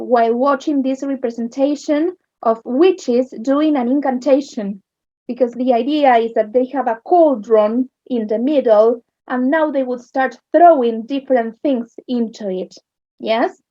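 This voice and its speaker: A woman with an Argentine accent teaching English literature, explaining slowly and checking understanding with "yes?". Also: sits high, dark tone, dry recording. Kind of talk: recorded online lesson. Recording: dull lo-fi sound.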